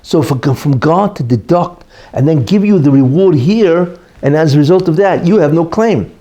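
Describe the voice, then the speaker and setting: A man's voice: a little high, animated, moderate pace, dark tone. A man, a rabbi, giving an informal Torah class, telling a story and acting out its characters, talking in a loose conversational way full of "you know". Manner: acts out quoted characters in the story.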